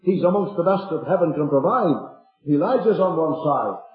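Earnest preacher, tinny echoey recording. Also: male voice, on the high side, lively intonation, moderate pace. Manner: earnest, rhetorical questions to the congregation. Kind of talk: sermon.

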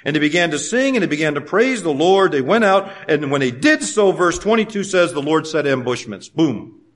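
Man preaching, loud and soft by turns. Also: on the high side, lively intonation, moderate pace. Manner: swings between loud preaching and quiet storytelling. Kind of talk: sermon.

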